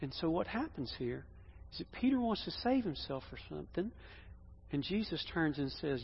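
A pastor preaching a sermon in a church, emphatic, swinging between loud declarations and hushed lines. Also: male voice, fairly high pitch, sing-song, normal speed, gravelly, husky. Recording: dull echoey hall sound.

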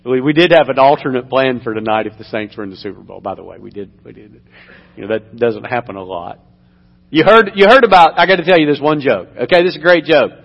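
A man, a pastor praying and then telling a joke, an animated storyteller. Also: medium pitch, fast talker, vocal fry. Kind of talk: sermon with prayer and a joke. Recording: dull sound with long reverb in a hall.

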